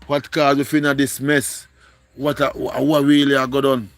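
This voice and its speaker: A man's voice: medium pitch, little pitch movement, moderate pace, no echo. A man with a Jamaican accent, pleading and repeating himself as he speaks emotionally to viewers on a live stream. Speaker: livestreamer.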